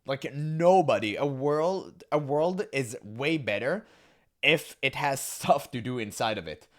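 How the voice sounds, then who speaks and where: Scornful ranting man with lively pitch. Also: measured pace. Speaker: reaction commentator. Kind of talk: casual reaction commentary.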